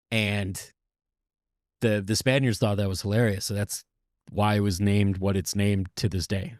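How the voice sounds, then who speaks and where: A man with a somewhat low voice tells a history story in a loose, conversational way, stopping to correct himself and now and then swearing. The sound is dry and close. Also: darkish tone, dry recording. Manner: rambling, self-correcting, conversational with occasional swearing. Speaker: podcast host.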